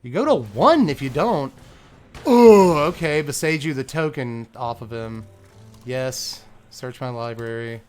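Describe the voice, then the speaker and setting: A young man giving live commentary on his own card game, excitable and muttering, groaning at bad draws. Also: medium pitch, a little slow, faint music behind. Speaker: gaming content creator.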